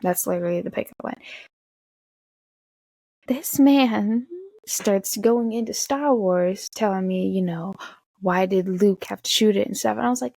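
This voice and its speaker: A young woman casually telling an excited, swear-filled story, jumping high in pitch when she quotes herself. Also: vocal fry, no echo. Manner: excited, swearing, talks fast with big pitch jumps when quoting. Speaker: vlogger.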